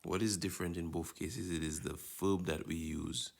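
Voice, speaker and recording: A man's voice: deep voice, steady tone, moderate pace, vocal fry. A man teaching a Spanish lesson, explaining patiently and checking in with his students as he goes. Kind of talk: recorded lesson walkthrough.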